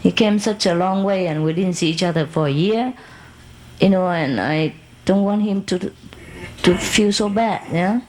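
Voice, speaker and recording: A woman's voice: on the low side, a little slow, slight background noise, poor audio. A woman, a spiritual teacher, tells a long personal anecdote to an audience in loose, broken English. She laughs often and acts out the people in her story. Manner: animated anecdote with laughs and acted quotes, broken English grammar.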